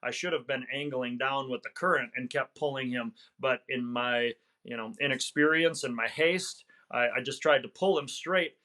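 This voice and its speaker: A man's voice: mid-range voice, moderate pace, hardly any pauses, bright, forceful tone. A middle-aged man, a hunting guide, telling a story in conversation, earnest and reflective, with some fillers and restarts. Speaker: hunting guide, podcast guest.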